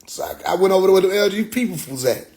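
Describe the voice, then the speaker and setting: A young man hosting a loose, profane chat, spinning stories with plenty of swagger. His voice sits a little high and swings widely up and down as he gets animated and acts out the people in his stories. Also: racing. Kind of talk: casual storytelling chat.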